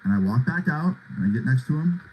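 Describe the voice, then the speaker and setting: A man's voice: mid-range voice, animated, fast, darkish tone, slightly rough, low-quality recording. A young man casually telling a long personal story, talking loosely with lots of "like" and "right?" as he goes. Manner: loose, filler-heavy retelling with lots of "like" and "right?".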